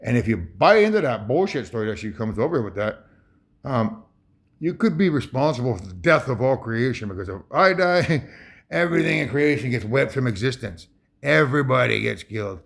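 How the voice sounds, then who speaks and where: A man's voice: medium pitch, big pitch swings, moderate pace, creaky. A man from Ontario, Canada, giving rambling, heated commentary over a video, swearing often and restarting his sentences. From Ontario, Canada (Saugeen First Nation). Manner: heated, profane, emphatic with many restarts.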